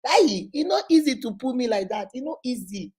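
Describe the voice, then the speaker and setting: A middle-aged Nigerian woman chats on a live stream, calling out to viewers one by one and slipping into preaching. Her voice sits a little high and carries an exuberant, lively energy. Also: brisk, breathy edge.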